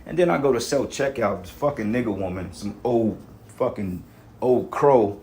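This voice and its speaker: A man ranting casually about religion and society in a blunt, profane, rambling way, full of street slang. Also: medium pitch. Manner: street slang, frequent "you know what I'm saying". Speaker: religious vlogger.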